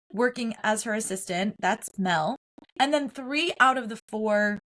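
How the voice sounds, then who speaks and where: A woman's voice: a little high, fairly bright tone. Earnest woman hosting a film podcast. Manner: earnest, opinionated, builds points in lists. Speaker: podcast host. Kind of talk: solo film commentary podcast.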